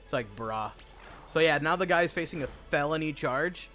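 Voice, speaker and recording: A young man with a slightly high voice rambles through a story while he plays, swearing freely and tossing in slang. Faint game music runs underneath his casual, unscripted talk. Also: lively intonation, moderate pace, a bit bright. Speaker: gaming streamer. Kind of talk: casual chat while gaming.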